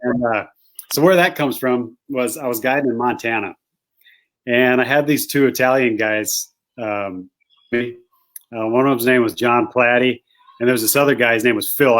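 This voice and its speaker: Man, interview guest, hunting guide, animated storyteller, rambling, medium pitch. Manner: animated, rambling anecdote teller. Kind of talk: casual storytelling.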